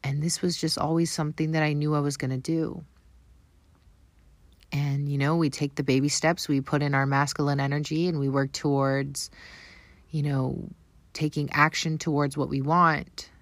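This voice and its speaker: Canadian woman, Canadian accent, deep steady voice, earnest spiritual vlog chat. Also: moderate pace, no echo. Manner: earnest, affirming, spiritual phrasing. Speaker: spiritual vlogger. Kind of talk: casual spiritual vlog talk.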